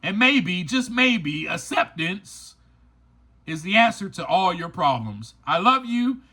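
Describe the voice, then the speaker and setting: Guy with a really high voice hosting a recovery podcast, super lively pitch, preachy and repeats himself for emphasis. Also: slow. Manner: speaks straight to listeners, informal. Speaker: podcast host. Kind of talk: motivational recovery podcast monologue.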